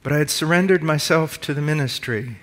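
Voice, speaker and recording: Bright-voiced preacher man, fervent. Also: on the high side. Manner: swings from loud, slow emphatic preaching to quiet storytelling. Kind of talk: sermon.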